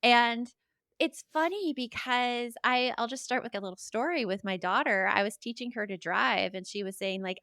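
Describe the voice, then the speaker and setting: A woman's voice: fairly high pitch, no room sound. Chatty woman podcast host, dry sound. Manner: animated, laughs often, quick asides. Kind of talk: casual podcast chat.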